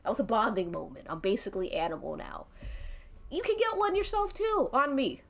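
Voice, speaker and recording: A woman's voice: a little high, expressive, a little fast, creaky. A woman voicing a brash, bossy, fidgety brute of a man who is foul-mouthed and demanding. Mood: pushy. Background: faint background music.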